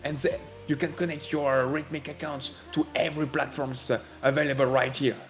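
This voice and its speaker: A man's voice: a little high, flat delivery, brisk, faint music behind. A man hosting a live trading stream, reading out chat and laughing often. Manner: playful, laughs often, reads chat messages aloud.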